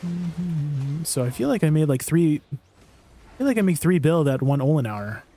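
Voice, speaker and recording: A man's voice: a little high, animated, unhurried, dark tone. A man chatting casually on a game live stream, answering viewers' questions and laughing at himself. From Canada.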